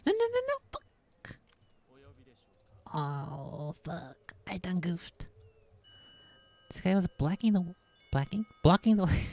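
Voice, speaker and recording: A woman streamer chatting casually as she plays, reacting aloud to the game with a husky voice. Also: low-pitched, a little mellow, no echo. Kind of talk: casual gaming stream chat.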